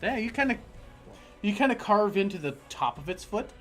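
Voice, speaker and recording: A man's voice: high voice, big pitch swings, normal speed, a bit bright, soft background music. A man acting as game master, explaining rules and describing the scene with a playful, teasing manner. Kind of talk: narrating a tabletop game online.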